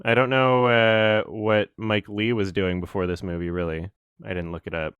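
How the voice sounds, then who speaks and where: Low smooth-voiced man discussing films. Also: moderate pace, no echo, phone-quality sound. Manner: rambling, animated, laughs often. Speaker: podcast co-host. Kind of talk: casual film discussion.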